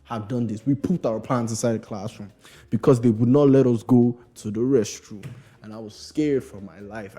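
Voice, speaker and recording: In his early twenties, this young man tells a funny story with animated energy, swearing freely and laughing as he goes. His voice is medium in pitch and slightly rough.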